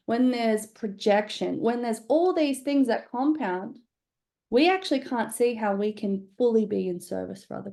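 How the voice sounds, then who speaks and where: A woman's voice: on the high side, gravelly, dark tone. A woman teaching a live business workshop in a conversational, candid way, often checking in with "right?". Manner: conversational, frequent "right?" check-ins, casual swearing. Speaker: business coach.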